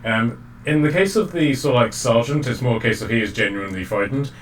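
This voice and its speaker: A man narrating as game master of a tabletop game, halting often with fillers and restarts. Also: medium pitch, soft background music. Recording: distant mic, faint background noise.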